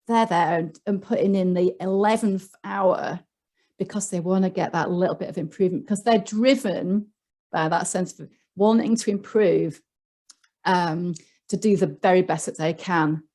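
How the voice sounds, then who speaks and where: A woman's voice: lowish voice, normal speed, mellow. Earnest Yorkshire woman explaining at length. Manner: earnest, explanatory, with frequent ums and restarts. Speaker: panel guest speaker on leadership. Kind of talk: online panel talk.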